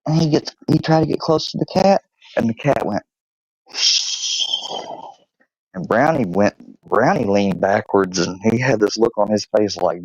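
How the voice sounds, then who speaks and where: A man hosting his channel tells stories to camera about his dog, swearing casually and slipping into baby talk with the dog. His voice is fairly low, gravelly and a bit mellow, on a low-quality recording without echo.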